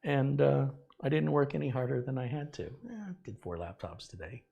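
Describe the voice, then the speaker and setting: Middle-aged man, casual storyteller, animated, mid-pitched voice, acts out both sides of a conversation. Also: a little fast, vocal fry, lo-fi sound. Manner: animated, acts out quoted dialogue with laughs. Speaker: tech video host.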